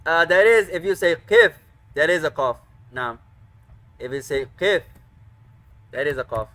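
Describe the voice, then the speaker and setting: A man leads an online class in a bright, slightly high voice. He takes his time, pausing often between words while he guides and corrects students. He speaks through a computer microphone. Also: clear, resonant tone. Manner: slow, patient teaching with frequent pauses and corrections. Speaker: teacher. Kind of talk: online Arabic and hadith class.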